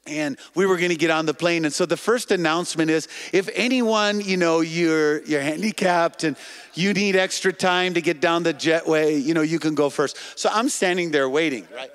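A man preaching a sermon, telling a healing story in an animated way and calling out to the congregation. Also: on the high side, moderate pace, smooth. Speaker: evangelist preacher. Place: church or TV broadcast stage.

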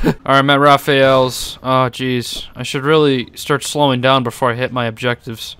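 Excitable young man with bright, crisp voice. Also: medium pitch, normal speed, few pauses. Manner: excitable, swearing, laughing, sarcastic. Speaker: gaming YouTuber. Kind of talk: gaming commentary.

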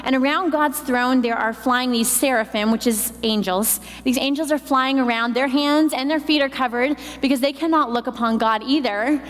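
Woman preacher, kinda high voice, echoey church hall, faint hiss behind. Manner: emphatic teaching, building on repetition. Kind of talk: sermon. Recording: long hall reverb, faint noise.

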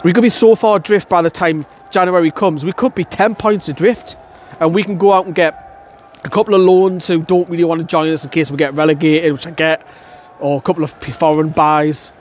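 Young man, furious fan reaction outdoors, blunt and sweary, voice sits a touch high. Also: steady tone, fairly quick, slight background noise. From North East England. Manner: angry, blunt, swearing, repeats himself. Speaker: fan channel presenter. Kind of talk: post-match fan reaction. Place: outdoors outside a stadium, wet weather.

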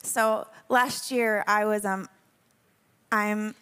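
A woman's voice: mid-range voice, fairly even intonation, clean tone. A young woman leading a spoken prayer and then telling a personal story to a congregation, chatty and candid, laughing often. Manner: hushed and slow in prayer. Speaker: worship leader speaking to a congregation.

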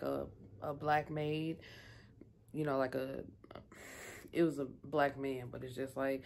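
A woman giving a chatty, rambling recap of a TV episode in casual talk, full of fillers. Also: low voice. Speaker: TV episode reviewer.

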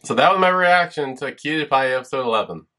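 A man's voice: medium pitch, lively intonation, fast, sharp tone. A man hosting a reaction video, giving flustered, groaning running commentary with frequent swearing, recorded on his own camera at home.

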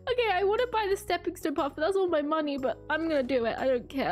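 A woman streamer giving excitable, giggly live commentary while playing a game. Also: high voice, fast talker, few pauses, soft background music.

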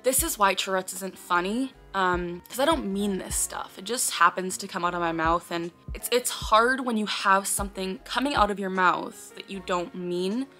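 A woman vlogger talks casually to the camera in a bright, clear tone at an ordinary middle pitch. She explains things earnestly, often breaking off with sudden blurted words and sighs. Faint music plays behind her. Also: normal speed, few pauses.

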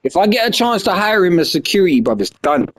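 A young man telling a story casually, animated and slangy, acting out what was said. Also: high-pitched, fast, slight background noise. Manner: animated, slangy, acts out his own lines loudly.

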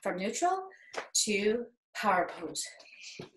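Young female drama teacher, encouraging, slow-paced, echoey room. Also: medium pitch, big pitch swings, very noisy. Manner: upbeat, encouraging, playful. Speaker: acting teacher. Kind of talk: drama workshop for kids.

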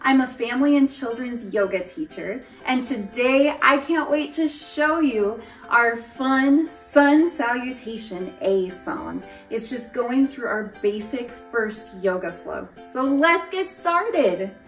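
Bubbly young woman teaching kids yoga, slow and singsong, echoey room, soft music behind. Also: fairly high pitch, animated. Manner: cheerful, encouraging, sings cues. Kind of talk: guided kids' yoga with singing. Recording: roomy, mic at a distance, music underneath.

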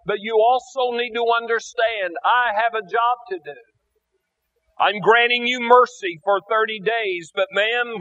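A preacher voicing a firm, businesslike male tax collector who gives measured warnings, on a dull lo-fi recording. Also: high voice, pushed and bright, voice pushed up, full character voice.

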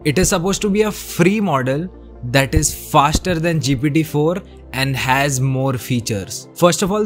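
A man hosting a tech video, walking through new features in an informal, opinionated way. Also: medium pitch. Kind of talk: casual explainer narration.

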